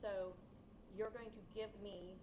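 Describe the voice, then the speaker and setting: A woman's voice: medium pitch, fairly even intonation, measured pace, a little mellow, slight background noise. A woman in a sales training session, asking questions in turn as she plays a home seller.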